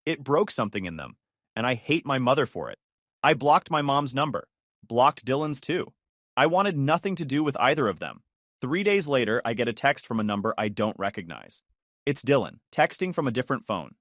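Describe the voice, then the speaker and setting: A man tells a first-person family story with tense, charged delivery. His pitch moves a lot, rising and falling through each sentence. The recording is close and dry. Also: sing-song, normal speed, fairly bright tone, no room sound. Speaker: narrator.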